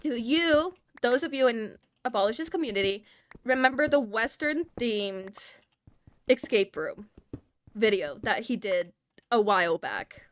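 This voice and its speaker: A woman's voice: a little high, expressive, unhurried. A woman from the American South with a Southern accent, rambling casually to her stream chat and laughing often.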